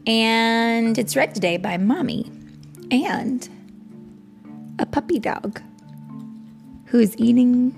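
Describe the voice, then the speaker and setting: A woman reading a children's story aloud to her child in a gentle, playful way. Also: on the high side, slow pace, vocal fry, pauses often, faint music behind.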